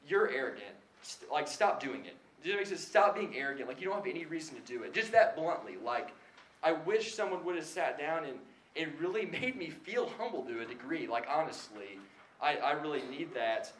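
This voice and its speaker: A young man giving a casual sermon-style talk to a live audience, chatty and self-deprecating with lots of "like" fillers. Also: on the high side. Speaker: speaker at a Christian gathering. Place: hall before a live audience. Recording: echoey room, faint background noise.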